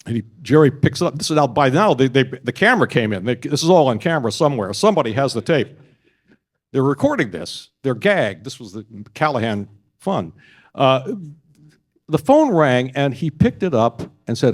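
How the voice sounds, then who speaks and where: An older man and broadcast journalist telling stories at a press club event, halting often and restarting his sentences. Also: mid-range voice, big pitch swings. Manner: halting, with many restarts and fillers.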